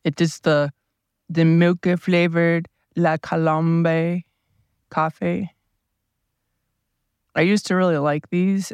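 A man's voice: fairly high pitch, creaky, clean tone, no echo, studio quality. A man with a groggy morning voice, rambling casually through a solo podcast while seated at a table inside a parked RV. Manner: rambling, unhurried, self-questioning. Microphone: small plug-in mic powered by a tablet.

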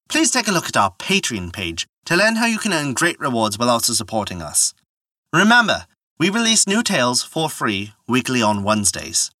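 Expressive man telling a storybook tale. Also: mid-range voice, no room sound, clean studio sound. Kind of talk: scripted narration.

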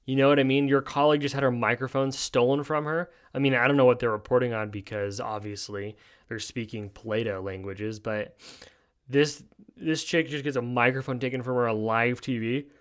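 A man hosting a solo podcast, chatting casually through odd news stories. His speech is laid-back and wisecracking, with "dude" dropped into nearly every thought, and his pitch sits right in the middle of the range. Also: normal speed, clean tone. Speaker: podcast host.

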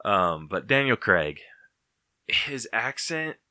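A man's voice: fairly low pitch, very animated, slow pace, pushed and bright, no echo, clean studio sound. A man co-hosting a podcast, chatting casually and rambling with frequent laughter. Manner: laid-back, rambling, laughs often. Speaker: podcast co-host. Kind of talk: casual chat.

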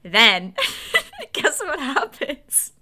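Bright-voiced young woman telling a story. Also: high-pitched, extremely slow. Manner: animated, laughing storyteller. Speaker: podcast co-host. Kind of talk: casual storytelling chat.

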